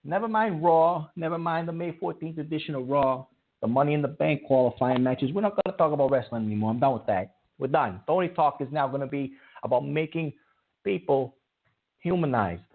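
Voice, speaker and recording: A man hosting a call-in radio show, talking in a rambling way with many halting restarts. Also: fairly high pitch, animated. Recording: tinny phone-line sound.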